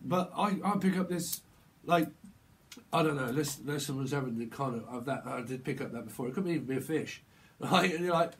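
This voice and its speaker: A man giving a casual, rambling tarot reading, breaking into quick acted-out exchanges full of slang. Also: medium pitch, a little hiss or hum, poor audio. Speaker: tarot reader.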